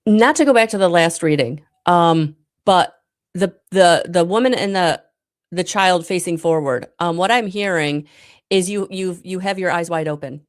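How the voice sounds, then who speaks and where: A woman giving live tarot readings to viewers, talking in a soft, spiritual way with many pauses and ums. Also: on the low side. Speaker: tarot reader.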